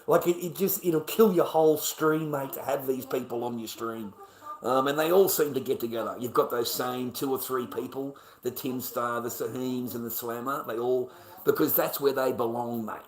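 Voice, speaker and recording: A man's voice: medium pitch, fairly even intonation, moderate pace. A middle-aged man with an Australian accent, ranting bluntly and profanely on his livestream, often restarting his sentences. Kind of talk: casual livestream rant.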